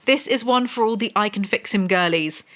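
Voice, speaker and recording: A woman's voice: medium pitch, moderate pace, a bit bright. A woman reviewing a romance novel in a comedic rant, reading passages aloud and mocking them with sarcastic asides. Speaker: book reviewer.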